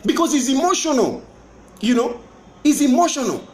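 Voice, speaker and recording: A man's voice: extremely high pitch, lively intonation, moderate pace, a little mellow. A politician with a Zambian accent talking to camera, boastful and mocking, repeating his points. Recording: roomy echo.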